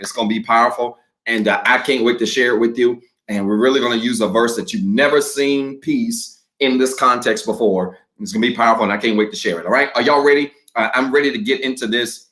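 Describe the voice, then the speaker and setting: A man preaching as pastor on a livestream, talking straight to his viewers, then reading a declaration slowly and deliberately. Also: medium pitch. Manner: energetic, talks to viewers directly; slow, measured reading of a declaration. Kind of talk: livestreamed sermon.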